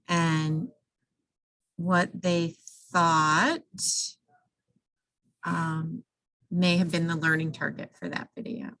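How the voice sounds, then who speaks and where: A woman's voice: lowish voice, fairly bright tone, low-quality recording. A woman talking through slides for teachers in a conversational way, with frequent restarts and fillers. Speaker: instructional coach presenting to teachers. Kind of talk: recorded slide-show recap for teachers.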